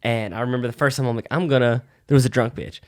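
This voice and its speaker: A young man co-hosting a casual chat about stand-up comedy, telling animated stories and swearing freely. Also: mid-range voice, quick pace. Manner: animated storyteller, swears a lot. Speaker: podcast co-host, aspiring comedian.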